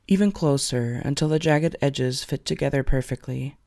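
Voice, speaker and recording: A man narrating fan fiction aloud in an expressive storytelling way. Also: mid-range voice, moderate pace, creaky, hardly any pauses.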